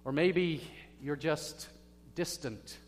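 A man preaching a sermon as pastor, telling stories dramatically and swinging from hushed words to loud bursts. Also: on the high side, slow pace. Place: church sanctuary. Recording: echoey hall with faint hum.

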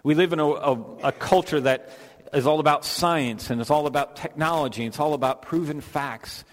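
A man's voice: a little high, moderate pace. A man preaching a sermon, retelling the scene earnestly and voicing the quoted lines. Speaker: pastor. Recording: long hall reverb.

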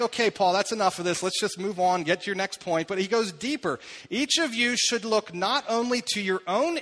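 Long hall reverb surrounds a pastor in his thirties as he preaches in a church hall. His voice is high and a little bright, and he speaks conversationally, putting questions to the congregation.

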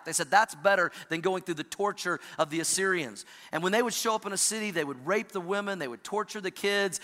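Middle-aged male pastor, high bright voice, animated storytelling sermon in a reverberant hall. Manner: storytelling, animated, with playful asides.

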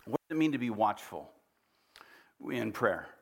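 A man's voice: lowish voice, very animated, normal speed, creaky, husky. A middle-aged man preaching a sermon in a church, conversational and often putting questions to the congregation. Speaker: pastor.

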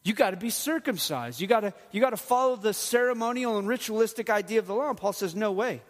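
A man's voice: sits high, lively intonation, fast talker, hardly any pauses. A middle-aged man, a pastor, preaching a sermon in an earnest, conversational way with touches of humor. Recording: long hall reverb.

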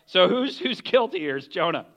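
A man preaching a sermon as pastor, telling the story in a lively way and acting out the voices of the people in it. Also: sits high, normal speed, dull audio. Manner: animated storytelling, acts out voices of characters.

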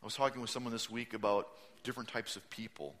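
A man preaching a sermon as pastor, telling stories animatedly, acting out quotes and raising his voice to a shout for emphasis. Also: mid-range voice, steady tone, quick pace.

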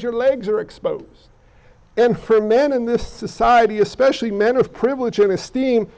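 A man's voice: very high-pitched, a little mellow, lo-fi sound. A man preaching a sermon with allergy congestion, talking conversationally and asking the congregation questions. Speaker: pastor.

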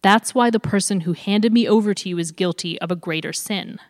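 Calm male prisoner read by a woman, measured and steady, with long room reverb. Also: medium pitch, natural voice.

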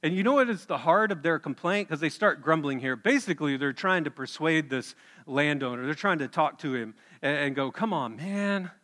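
A man's voice: a little high, fairly quick, sharp tone, in a large hall. A man preaching a sermon as a pastor, telling the story in a conversational way and putting questions to the congregation.

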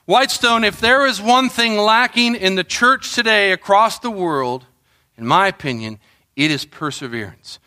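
A middle-aged man preaching a sermon as pastor, telling animated stories and acting out what people said. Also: sits high, normal speed. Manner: animated storytelling, acts out quotes and shouts.

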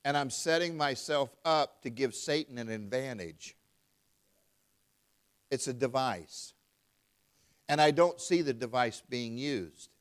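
A man's voice: medium pitch, expressive, takes it slowly, long pauses. A man preaching a sermon, reading scripture aloud and calling out to his congregation. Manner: emphatic, calls out to the congregation; reads scripture aloud in King James wording.

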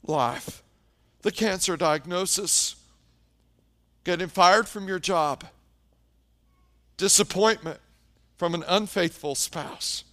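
A man preaching a sermon, telling stories and often dropping to a hushed tone for emphasis. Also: high voice. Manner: storytelling preacher, dramatic pauses, drops to hushed tones. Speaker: pastor.

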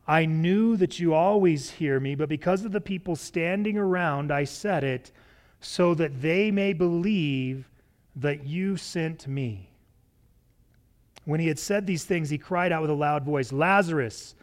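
A man preaching a sermon, expressive and shifting his pace, acting out the lines he quotes. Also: on the high side. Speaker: pastor.

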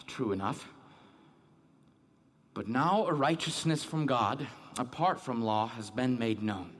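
A man's voice: medium pitch, close to an everyday voice. An actor playing a devout, troubled man who reads scripture aloud and keeps questioning his own guilt and faith. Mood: yearning. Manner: questioning, searching, self-doubting. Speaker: man reading scripture alone. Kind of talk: dramatic monologue.

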